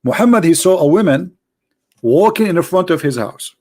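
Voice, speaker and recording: A man's voice: sits high, lively intonation, normal speed, a little mellow. A man hosting a live-streamed debate who talks in a mocking, sarcastic and theatrical way. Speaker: debate host.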